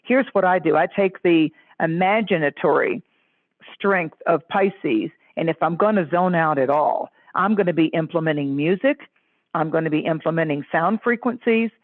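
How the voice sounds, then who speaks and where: A woman astrologer, a guest, telling stories in an effusive, animated way and leaping into high voices when she quotes others. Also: moderate pace, no room sound. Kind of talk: animated storytelling chat. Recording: tinny phone-line audio.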